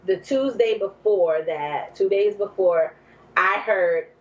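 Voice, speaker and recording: A woman from New Jersey, a podcast guest, telling a personal story in an animated way, acting out what people said, with many fillers. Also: medium pitch, slow, lo-fi sound. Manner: animated, acts out quoted speech, many fillers.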